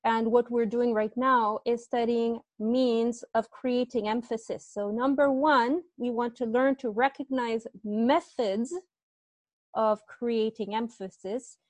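A woman's voice: a little high, steady tone, takes it slowly, no echo. Woman teaching an online Arabic grammar class. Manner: patient, explains step by step, asks students questions. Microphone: earbuds.

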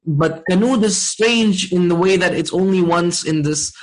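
A man teaching a Quran and Arabic lesson, checking in with his class often and reciting verses quickly. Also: high voice, rough recording. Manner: asks the class frequent check-in questions, many fillers. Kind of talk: interactive online class lesson.

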